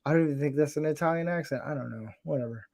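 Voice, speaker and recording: A man's voice: a little high, racing, creaky, darkish tone. A man hosting a casual chat. He rambles, chuckles often and makes fun of himself. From Florida, USA. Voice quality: rambling, chuckling, self-deprecating.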